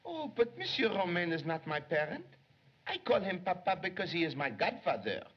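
An eager young secretary dreaming of detective work, his slightly husky voice leaping up and down. He talks in flustered, theatrical bursts. The sound is muffled and lo-fi, from an old film. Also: sits high, normal speed, heavily acted. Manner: flustered and excitable, tumbling into theatrics. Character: eager, excitable young male police secretary. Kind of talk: 1930s film acting. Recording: dull lo-fi 1930s film soundtrack.

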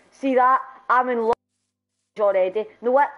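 Excitable woman streaming a game. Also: fairly high pitch, moderate pace, long pauses, highs cut off. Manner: excitable, laughs often, loud exclamations. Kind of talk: casual gameplay chat.

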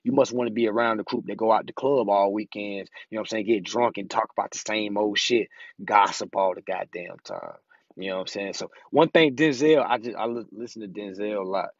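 A man's voice: fairly low pitch, a little fast, no room sound. A man teaching consumer law in a casual, profane, emphatic monologue, saying "you know what I'm saying" over and over. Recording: dry, slightly dull lo-fi recording.

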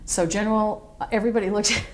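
A middle-aged woman, formerly in the military, talks fast in a mid-range voice during an oral history interview about her service. She tells animated, rambling stories and voices other people's lines herself.

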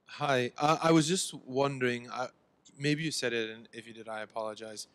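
A man's voice: mid-range voice, fairly even intonation, moderate pace, fairly bright tone. A man in the audience of an academic conference asking the speaker a question politely and tentatively.

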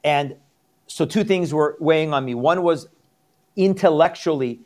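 A man's voice: a little high, a little slow, darkish tone. A middle-aged man from Iran, a pastor, telling his conversion story in an interview with earnest, emphatic repetition. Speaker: pastor and guest. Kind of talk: testimony in an interview.

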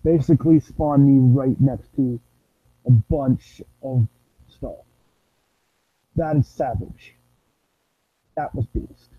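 A man's voice: medium pitch, slow pace, pauses often, slightly rough, dry recording. Young man rambling over gameplay, tinny mic. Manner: rambling, playful, sings nonsense sounds. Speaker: gameplay streamer. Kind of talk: casual gameplay commentary.

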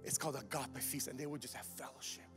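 A man preaching a sermon to his church, animated, swinging between quiet asides and shouted points. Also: mid-range voice, fast talker, long reverb tail, over music. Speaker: pastor. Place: church sanctuary.

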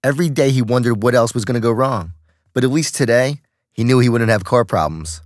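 The clip features a man narrating an audiobook in an unhurried, even manner. His voice falls in the mid-range, and the sound is clean studio audio with no room presence.

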